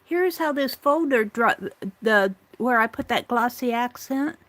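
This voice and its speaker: Chatting to herself and her audience, a woman works at her craft table on an easygoing morning art stream. She has a fairly high, fairly bright voice, animated and a little slow.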